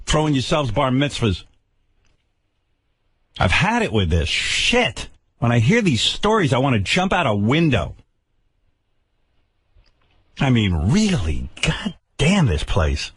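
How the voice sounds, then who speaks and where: A man's voice: mid-range voice, huge pitch swings, takes it slowly, pauses often, slightly rough. An older man hosting a radio show, ranting with profane sarcasm and stammered repeats. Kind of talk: angry on-air rant. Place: radio studio.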